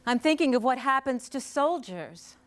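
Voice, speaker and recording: A woman poet introducing her poems on stage in an earnest, measured way with deliberate pauses. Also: high voice, lively intonation, a bit bright. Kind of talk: spoken introduction at a poetry performance. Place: live performance on stage.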